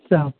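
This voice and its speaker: A man hosting a talk show, chatting casually and emphatically, often chuckling and stumbling over repeated words. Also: no room sound. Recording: dry tinny phone-line sound.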